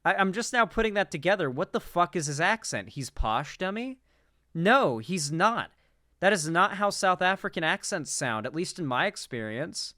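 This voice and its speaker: A man's voice: high voice, animated, moderate pace, sharp tone, dry recording, clean studio sound. A young man giving casual, profane, incredulous reaction commentary on a political clip.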